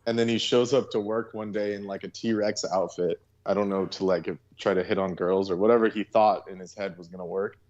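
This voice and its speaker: A young man telling a story in a relaxed, slangy way, laughing and leaning on "like" a lot. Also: fairly low pitch, a little fast, hardly any pauses. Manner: laid-back, laughing, slangy, many "like" fillers. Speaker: co-host. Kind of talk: casual storytelling. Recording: muffled lo-fi sound.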